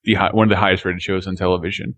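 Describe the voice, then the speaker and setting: A man's voice: low voice, little pitch movement, very fast, fairly bright tone, lo-fi sound. A man hosting a podcast, chatting casually about TV clips, laughing often as he tells the story. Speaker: podcast host.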